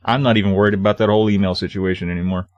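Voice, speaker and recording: A man's voice: fairly low pitch, fairly even intonation, rapid-fire, dry recording, dull audio. Goofy man with a put-on Southern drawl. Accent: exaggerated Southern US, put on. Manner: goofy, indignant, laid-back. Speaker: podcast co-host. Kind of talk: comedic podcast banter.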